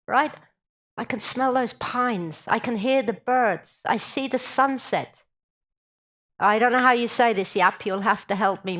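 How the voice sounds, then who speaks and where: A woman's voice: fairly high pitch, fairly bright tone. A woman giving a public talk, humorous and drawing the audience in with questions. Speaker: guest speaker.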